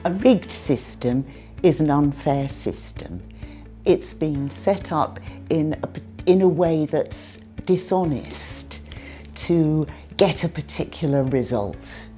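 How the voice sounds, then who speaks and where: A woman with a low, warm voice teaches English words. Her pitch moves a lot as she explains each term in a clear, teacherly way. Faint music plays underneath. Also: lively intonation, takes it slowly. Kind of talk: scripted lesson dialogue.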